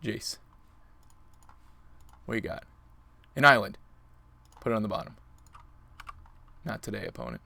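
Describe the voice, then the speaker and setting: A man's voice: on the low side, big pitch swings, moderate pace, creaky, pauses often, fairly bright tone, no echo. A man commentating his own card game on a live stream, playful and chatty with his opponent and viewers. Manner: playful, talks to opponent and chat.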